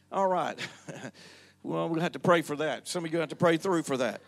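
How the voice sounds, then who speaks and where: A man's voice: fairly high pitch, normal speed, gravelly. An older man preaching a sermon in a church, calling on the congregation to answer him. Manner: preachy, calls on the congregation to respond. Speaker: pastor.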